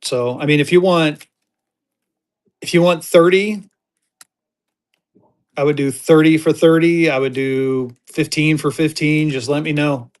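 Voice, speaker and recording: High-voiced upbeat livestream auction seller man. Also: smooth. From Colorado. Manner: upbeat, rapid-fire adding items, gets excited.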